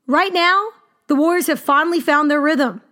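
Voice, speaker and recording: Female sports podcast host, 30s, high voice, punchy and expressive delivery. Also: moderate pace. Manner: animated, emphatic, exclaiming. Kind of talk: casual sports commentary.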